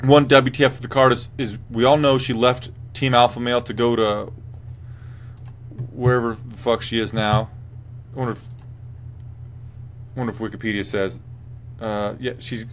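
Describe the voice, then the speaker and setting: A man's voice: mid-range voice, slight background noise. A young man hosts a casual fight recap in a rambling, profane way. He swears freely and keeps answering viewer chat as he goes. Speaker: host. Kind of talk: casual MMA post-fight commentary.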